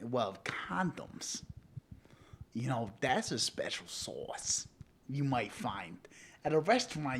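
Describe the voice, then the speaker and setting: A male podcast co-host with an animated comic delivery. He riffs in loose banter, his voice swinging up and down as he slips into silly voices. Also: medium pitch, slow, vocal fry, husky. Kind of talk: casual comedic banter.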